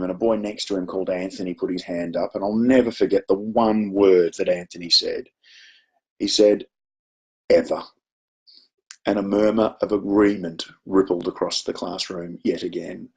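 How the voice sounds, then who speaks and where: A man's voice: low-pitched, fairly even intonation, brisk, a little mellow. A man with an Australian accent presenting a webinar, telling a chatty, self-deprecating classroom story with frequent ums. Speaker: education presenter.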